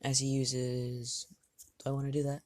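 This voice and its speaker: A man telling a made-up fan story off the cuff, stopping to think aloud and restarting his sentences. His pitch sits mid-range for a man. The recording is dry, with no room around it. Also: completely flat delivery, normal speed, darkish tone, no room sound. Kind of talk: improvised fan story narration.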